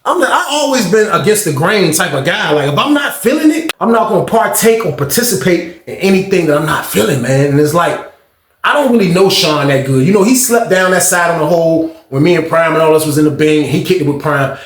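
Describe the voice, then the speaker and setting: A man's voice: fairly high pitch, lively intonation, fairly quick, roomy sound. A man telling a story in a casual, slangy way, acting out the people he quotes. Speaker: storyteller, channel host.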